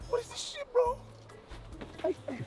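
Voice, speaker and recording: A man's voice: very high-pitched, big pitch swings, normal speed, darkish tone, soft background music. A man filming a joking complaining vlog, whiny and slangy, calling everyone "bro" and mixing in French words.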